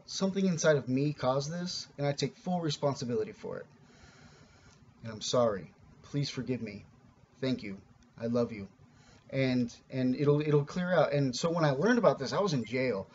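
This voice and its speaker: A man's voice: mid-range voice, a little mellow, lo-fi sound, slight background noise. A man giving a casual, rambling spiritual teaching, earnest and informal, with many restarts and the odd swear word.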